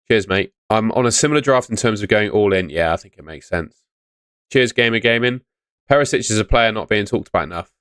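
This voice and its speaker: Brisk and expressive, with a lowish, fairly bright and smooth voice, the young man hosts a fantasy football live stream, reading chat messages aloud and answering them in casual, chatty commentary. A studio mic on a stand delivers dry, studio-quality sound.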